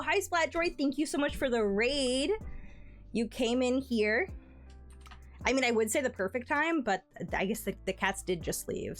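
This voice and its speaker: An upbeat woman chats with her viewers from a home streaming desk. Her voice sits a little high and leaps around playfully, especially when she coos at her cats. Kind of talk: casual livestream chat.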